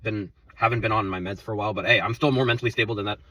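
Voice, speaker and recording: A man's voice: lowish voice, fairly even intonation, racing, pushed and bright, far from the mic, a little hiss or hum, rough recording. A young man venting in a profane, rambling, heated rant about quitting his job, out of breath from talking. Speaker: former coffee shop worker venting. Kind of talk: angry rant to camera.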